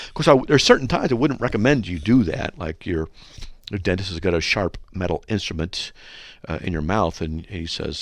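A man hosting a radio talk show, speaking bluntly and argumentatively, with animated, joking asides. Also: lowish voice, fairly quick, no room sound, studio quality.

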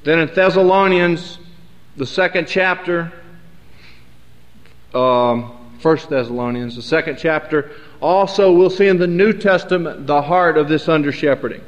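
High-voiced male preacher in an echoey hall. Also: a little slow. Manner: rambling, emphatic, self-correcting. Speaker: Bible teacher. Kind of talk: sermon. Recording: echoey hall, dull lo-fi sound.

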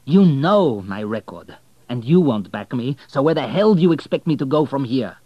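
A man's voice: medium pitch, sing-song, fairly quick, no room sound, highs cut off, pitched above the performer's own voice, lightly acted. Man voicing angry hotelier, proud, bitter, raised voice, dry close sound. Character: angry proud male hotelier, middle-aged. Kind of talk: audiobook reading.

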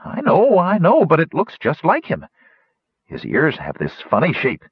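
A man voicing an excitable small male gnome with keen sight, talking in agitated exclamations. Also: medium pitch, unhurried, husky, no room sound, full character voice. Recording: dull lo-fi audiobook recording.

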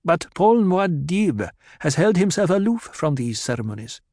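A man voicing a calm, commanding young desert woman with quiet authority. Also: on the high side, normal speed, no echo, clean studio sound, voice pushed up.

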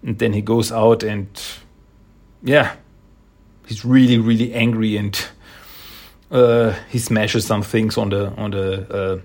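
A man talks through a comic issue in a loose, rambling way, stopping often to correct himself. His voice is gravelly with plenty of vocal fry, and it has a husky grain. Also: on the low side, flat delivery, slow pace, pauses often, a little mellow. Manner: rambling, hesitant, chuckling. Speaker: comic book reviewer. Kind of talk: casual comic recap.

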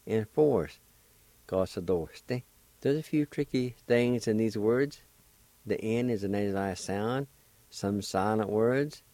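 Slow, mellow-voiced male language teacher. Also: lowish voice, no echo. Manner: patient, encouraging, sounds out syllables slowly. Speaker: radio language teacher and host. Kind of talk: slow step-by-step pronunciation lesson.

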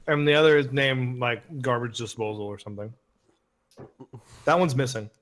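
A young man on a casual podcast, deadpan and trolling with blunt contrarian remarks. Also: mid-range voice, moderate pace, a little hiss or hum. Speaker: podcast co-host.

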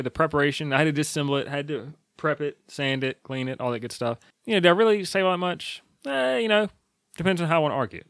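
Chatty opinionated man, slightly high voice. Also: fairly bright tone, no echo, studio quality. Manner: chatty, opinionated, lots of fillers and asides. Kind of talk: casual rambling monologue.

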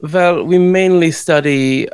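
A man voicing a pompous, evasive fake German cryptid expert with a put-on German accent and a gravelly voice, in an improvised comedy podcast. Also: fairly high pitch, slow, a little mellow, no room sound. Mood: deadpan pompous.

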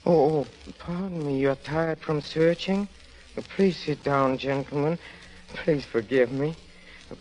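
An actor playing a guilt-crazed murderer in a 1940s radio drama, stammering, giggling nervously and pleading with the police. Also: male voice, on the high side, rough recording. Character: guilt-crazed middle-aged man, nervous, unravelling murderer. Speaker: guest actor.

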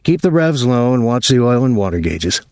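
A man reading an audiobook, voicing a calm, reassuring middle-aged boat owner. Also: mid-range voice, moderate pace, no room sound, studio quality, pitched above the performer's own voice.

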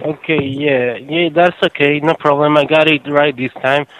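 A call center agent, a man with a slightly high voice. He speaks in a polite, formal way and stays patient on the line. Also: fairly even intonation, normal speed, lo-fi sound, crowd noise. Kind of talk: customer service phone call.

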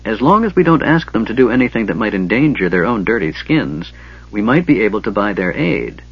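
A man voicing a calm half-elf male leader who speaks quietly and gravely. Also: fairly low pitch, brisk, full character voice. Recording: dull lo-fi recording.

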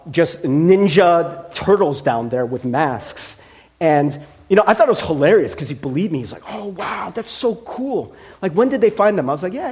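Middle-aged male pastor, from Ohio, lively rising and falling voice, slightly high, joking sermon. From Cincinnati, Ohio. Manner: animated and joking, acting out quoted voices. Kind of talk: conversational sermon.

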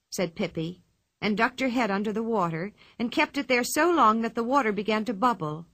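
A woman narrating a children's storybook with expressive telling. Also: on the high side, brisk. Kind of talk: storybook reading.

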